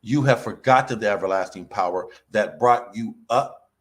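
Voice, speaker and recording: A man giving an informal scripture sermon in casual slang, swinging between loud emphatic bursts and low mutters and drawing words out slowly. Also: low-quality recording. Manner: stretches words out slowly for effect. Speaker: preacher.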